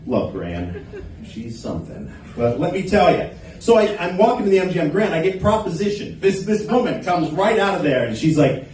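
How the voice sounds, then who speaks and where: A man's voice: a little high, sing-song, moderate pace, dark tone. Man, open mic stand-up, crude, teases the audience, echoey room, faint room hum. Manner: crude, teasing the crowd. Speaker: stand-up comedian. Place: small comedy club stage. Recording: echoey club, recorded from a distance.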